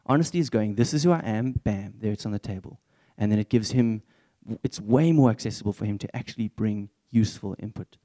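Young male preacher, relaxed warm timbre, earnest and chatty. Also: lowish voice, brisk, hardly any pauses. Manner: earnest, conversational, candid. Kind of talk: church sermon.

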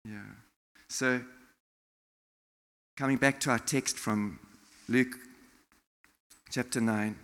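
A man from South Africa preaching a sermon in a church, animated, acting out quotes and laughing often. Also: medium pitch, takes it slowly, long pauses. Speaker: pastor. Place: church hall. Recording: long hall reverb.

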